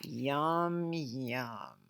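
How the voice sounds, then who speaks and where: Storytime librarian, woman, expressive reader, bright tone, slow pace. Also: extremely low pitch, gravelly, a little hiss or hum. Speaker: children's librarian. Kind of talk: storytime read-aloud.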